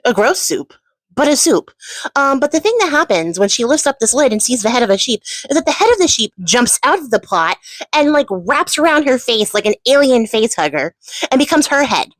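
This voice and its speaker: A woman's voice: fairly high pitch, big pitch swings, brisk, no room sound, rough recording. A woman retelling a fairy tale in a chatty, casual way, laughing often and swearing. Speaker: storyteller and channel host.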